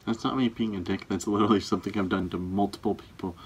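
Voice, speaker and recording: He talks fast in a lowish, husky voice with fairly even intonation. The young boyfriend is casually chatting with his girlfriend for a couple's tag video, his humor dry and teasing.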